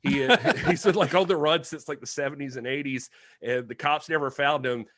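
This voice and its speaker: A man's voice: fairly high pitch, moderate pace, fairly bright tone, dry recording. A man co-hosting a podcast, talking casually and digressively, joking and laughing often. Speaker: podcast co-host. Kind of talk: casual chat.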